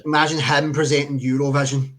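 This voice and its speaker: Brief: man, mid-pitched, loose rambling co-host talk. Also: flat delivery, fairly quick, crowd noise. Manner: rambling, many fillers and restarts. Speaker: podcast co-host. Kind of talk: casual chat.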